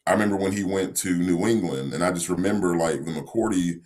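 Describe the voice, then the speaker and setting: Deep-voiced man giving calm sports analysis. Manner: measured, reflective, many fillers. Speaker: sports podcast co-host.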